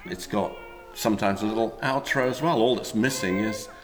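A man's voice: lowish voice, normal speed. A man explaining music history as an interview guest, with patient, lecturing explanations.

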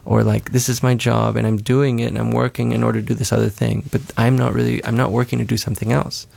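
A man's voice: medium pitch, flat delivery, fast, creaky, a little mellow, no echo. A man being interviewed as a musician, talking in an earnest, rambling way with many restarts and self-corrections. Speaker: musician guest. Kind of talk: casual interview talk.

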